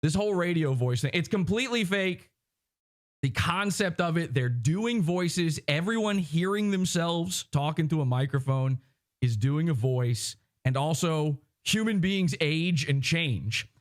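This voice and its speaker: A man's voice: on the high side, expressive, a little slow. A man hosting a livestream podcast, lecturing and mocking in an emphatic ranting way into a broadcast microphone. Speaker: podcast host. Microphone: broadcast microphone with headphones.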